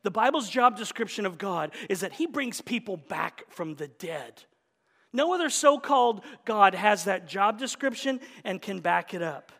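A man preaching an Easter sermon, moving between loud exclamations and hushed whispers. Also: sits high, expressive, normal speed, vocal fry. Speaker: pastor. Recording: long reverb of a large hall.

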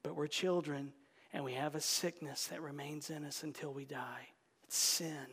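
A male pastor preaching a sermon, swinging between forceful emphasis and hushed whispers. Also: fairly high pitch, fairly even intonation, normal speed, slightly rough. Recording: long reverb of a large hall.

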